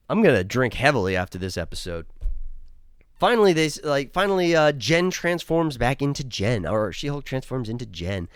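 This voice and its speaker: Man, profane exasperated reviewer, animated delivery. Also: mid-range voice, moderate pace, smooth, no room sound, studio quality. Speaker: show reviewer. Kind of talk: casual review rant.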